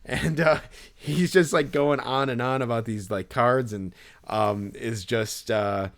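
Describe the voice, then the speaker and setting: A man's voice: medium pitch, steady tone, takes it slowly. A man co-hosting a podcast, telling a story in a rambling way with many fillers and restarts. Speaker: podcast co-host. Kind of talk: casual storytelling.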